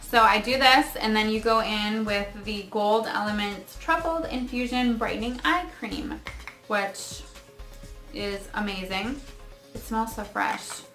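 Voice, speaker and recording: A woman in her thirties with a bright, clear voice gives a casual skincare review. She talks in a rambling, chatty way full of asides. The room is echoey and faint music plays underneath. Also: medium pitch, a little slow. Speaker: beauty vlogger.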